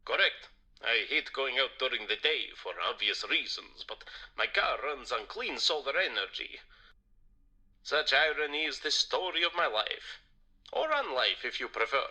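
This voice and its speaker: A man's voice: mid-range voice, lively intonation, moderate pace, bright, forceful tone. An actor voicing a smug male vampire who lectures about the environment in a theatrical manner. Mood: lecturing. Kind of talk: video game voice acting.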